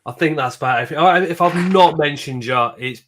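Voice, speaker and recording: A man's voice: fairly high pitch, fairly quick, a bit bright, a little hiss or hum. A man with a sniffly cold voice, chatting casually as a livestream host and greeting viewers by name.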